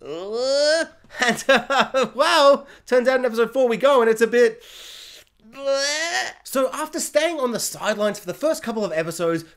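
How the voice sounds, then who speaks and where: A man's voice: very high voice, brisk, fairly bright tone. An Australian man giving a casual video review, rambling and self-mocking and laughing often.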